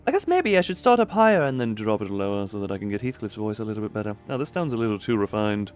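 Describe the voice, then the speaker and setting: A man's voice: fairly low pitch, fast talker, clean tone, faint music behind. A man streaming a game live, joking with chat and reading the subtitles aloud. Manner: jokey and animated, trying out voices.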